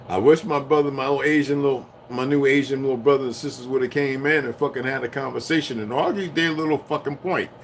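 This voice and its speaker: A man ranting to his viewers in a loose, profane monologue that swings between heated outbursts and low muttering. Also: a little hiss or hum. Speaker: vlogger. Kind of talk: rambling solo rant.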